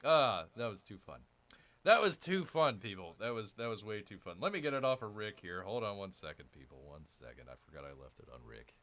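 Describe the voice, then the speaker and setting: Casting note: lively male game streamer, bright and animated, chatty, talks straight to his viewers. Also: on the low side, brisk. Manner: excitable, chatty, keeps addressing viewers as "people". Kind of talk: casual livestream chat.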